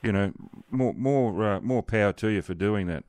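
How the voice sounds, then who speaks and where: A man's voice: lowish voice, normal speed, a little mellow, dry recording. An older man hosting a radio interview, chatting in a rambling way with plenty of fillers. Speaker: radio host.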